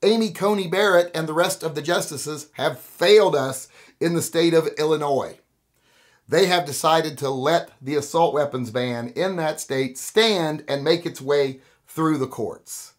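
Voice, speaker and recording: Middle aged guy hosting his own show, cranky and sarcastic, kinda high voice, laughs at himself. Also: unhurried. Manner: animated, sarcastic, self-mocking ranting. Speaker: host. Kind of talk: opinionated commentary.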